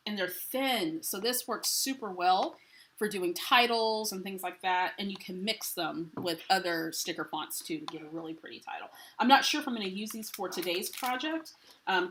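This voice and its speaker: A woman's voice: medium pitch, fairly bright tone, slight background noise. A woman hosting a live craft unboxing. She talks in a chatty, enthusiastic way and greets viewers by name. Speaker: craft livestream host.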